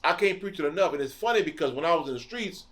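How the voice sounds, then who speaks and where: Middle-aged male podcast host, slightly raised pitch, impassioned blunt preaching delivery. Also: lively intonation, fast talker, fairly bright tone. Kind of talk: preaching monologue.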